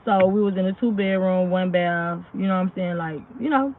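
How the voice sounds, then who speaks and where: A woman's voice: on the low side, fairly quick, a little hiss or hum. A woman casually telling a true story, rambling and often checking in with her listeners. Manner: rambling, keeps asking "you know what I'm saying". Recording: tinny phone-like audio.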